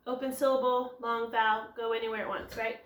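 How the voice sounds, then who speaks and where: A woman's voice: a little high, little pitch movement, a little fast. A woman teacher giving a recorded phonics lesson, explaining step by step and answering her own questions. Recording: echoey room.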